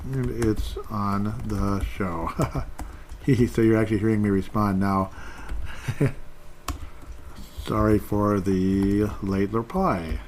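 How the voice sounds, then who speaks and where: Casting: low-voiced male podcast host, rambling and self-deprecating, with a faint hiss behind. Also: fairly even intonation, slow, pauses often, a little mellow. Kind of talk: solo podcast chat reading fan tweets.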